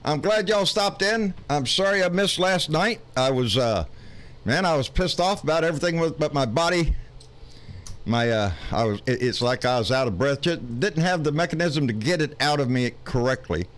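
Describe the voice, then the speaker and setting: A man's voice: on the high side, expressive, moderate pace. A man with a Texan accent hosting a live political stream, folksy and rambling, swearing often with lots of fillers.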